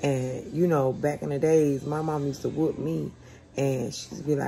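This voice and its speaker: A woman's voice: deep voice, steady tone, unhurried, creaky, warm tone, slight background noise. A woman in her forties telling a story in a casual, blunt and profane way. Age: 40s. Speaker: vlogger.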